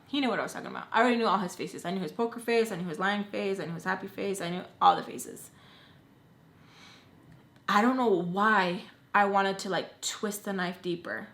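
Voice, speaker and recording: A young woman vlogger telling a personal story in casual chat, animated and full of filler words. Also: mid-range voice, brisk. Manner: chatty, animated, lots of "like" fillers. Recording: roomy echo.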